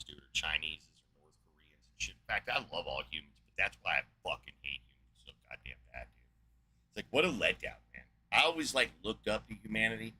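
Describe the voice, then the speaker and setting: Ranting man, bright cutting voice. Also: lowish voice, slight background noise, rough recording. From New Mexico, USA. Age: 40s. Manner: angry, rambling, heavy swearing. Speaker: podcast host. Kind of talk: profane solo rant.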